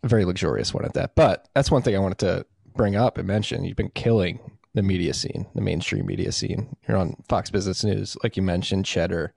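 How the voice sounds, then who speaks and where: Deep, gravelly podcast host. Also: male voice, brisk, darkish tone, no echo, clean studio sound. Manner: easygoing, enthusiastic praise of guest. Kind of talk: casual interview.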